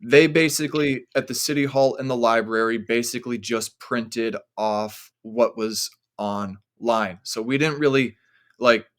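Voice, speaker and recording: A man's voice: medium pitch, a little slow. Male podcast guest, casual rambling storyteller, middle-range voice, leans on filler words. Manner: rambling, heavy use of "like" fillers.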